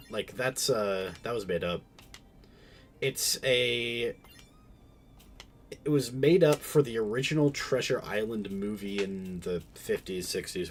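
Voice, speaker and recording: A man with a fairly low voice chats casually while he streams a game. He rambles and keeps restarting his sentences, full of fillers and detours. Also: slight background noise. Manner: rambling, self-interrupting, many fillers.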